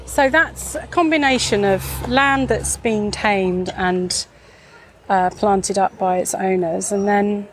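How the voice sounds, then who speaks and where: Woman co-host, chatty and jokey, in a car with faint road hum, mid pitch. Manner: chatty, jokey, exclaiming at sights. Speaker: podcast co-host. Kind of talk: casual chat on a drive.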